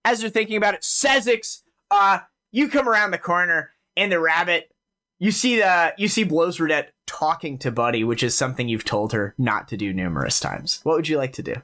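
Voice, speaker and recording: A man's voice: fairly high pitch, animated, a little fast, bright, forceful tone. A man narrating a tabletop game as game master in a casual way, full of fillers.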